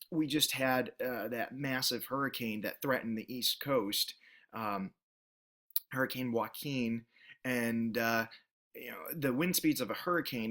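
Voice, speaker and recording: Male instructor, bright tense voice, steady mid pitch, patient explanatory lecture with ums. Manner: explanatory, frequent fillers. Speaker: journalism instructor. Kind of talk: recorded classroom lecture.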